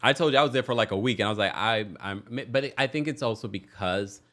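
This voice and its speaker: A man's voice: on the low side, fast, sharp tone. A man with an American accent hosting a casual call-in show, chatty and laughing often. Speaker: podcast host taking callers.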